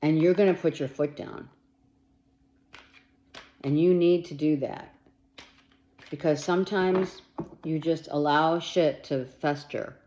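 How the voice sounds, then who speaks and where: A woman's voice: sits low, fairly even intonation, slow, long pauses, mellow. A woman gives a monthly tarot reading in a blunt, emphatic way, swearing freely as she urges the listener to stand firm. She takes her time with each phrase. The recording sounds dull and lo-fi. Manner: talks straight to the listener with urgent reassurance. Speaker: tarot reader.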